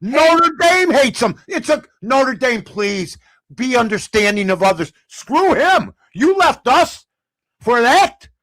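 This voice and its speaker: A man's voice: very high-pitched, takes it slowly, dry recording. An older man, a sports talk guest, telling stories and ranting in casual chat. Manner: animated, ranting storyteller.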